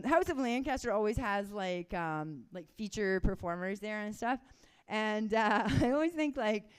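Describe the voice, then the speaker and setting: A young woman from Canada works through a stand-up set in a loose, rambling way, laughing at her own jokes. Her voice is smooth and clear. She sits at a middle pitch. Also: darkish tone. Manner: casual, rambling, self-deprecating, with chuckles. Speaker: stand-up comedian.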